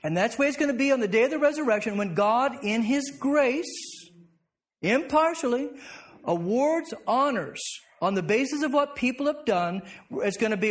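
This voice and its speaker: High-voiced pastor teaching a Bible class. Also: male voice, lively intonation, normal speed. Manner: asks the class questions and answers them himself.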